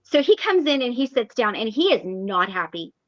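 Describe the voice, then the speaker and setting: A woman hosting a recovery meeting, telling a story in a casual, animated way and laughing often. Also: a little high, moderate pace, no echo, muffled recording.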